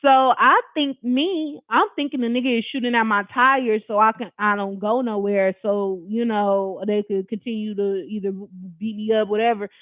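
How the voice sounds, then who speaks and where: Animated storyteller with a tinny phone-like sound. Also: mid-range voice, moderate pace, few pauses, no room sound. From Long Beach, California. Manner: animated, emphatic, slangy and profane, addressing viewers directly. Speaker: storyteller recounting a personal experience. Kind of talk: storytime vlog to camera. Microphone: camera facing the speaker.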